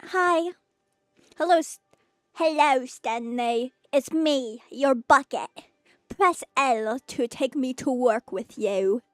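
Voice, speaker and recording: A woman's voice: sits high, slow, dry recording, clean studio sound. A woman voicing a cheerful little talking bucket in a clumsy put-on British accent. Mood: sweet, loud. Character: cheerful talking bucket, small, sweet-natured. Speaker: streamer.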